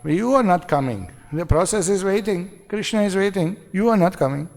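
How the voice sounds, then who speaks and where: Gravelly-voiced man lecturing in a hall. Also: high-pitched, animated, normal speed. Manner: asks the audience rhetorical questions; short repeated phrases. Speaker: seminar speaker. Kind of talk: devotional seminar lecture. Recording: long hall reverb.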